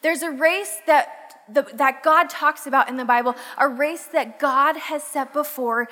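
A high-voiced young woman with a bright, forceful tone gives a chatty, animated sermon-style talk. She acts out her own past lines as she tells a personal story. Her voice rings with the long reverb of a large hall. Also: unhurried. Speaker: youth speaker.

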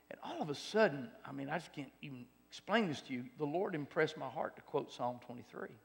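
A man preaching a sermon testimony, swinging from loud exhortation to hushed near-whispers. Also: medium pitch, gravelly. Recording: long hall reverb.

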